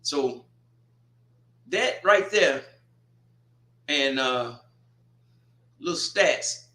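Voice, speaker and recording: A man hosting a casual college football preview, animated and talking straight to teams and viewers. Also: a little high, very slow. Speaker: sports show host. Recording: echoey room.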